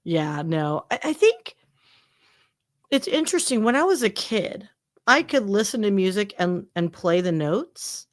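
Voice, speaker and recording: A woman around forty chatting casually on a livestream, animated and full of fillers. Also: medium pitch, a little slow.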